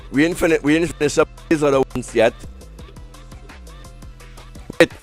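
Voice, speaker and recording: A man's voice: fairly high pitch, moderate pace, long pauses, dry recording, faint music behind. A man hosting a livestream. He reacts to a clip, jokes in a mock-dramatic way and stumbles over his words. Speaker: livestream host.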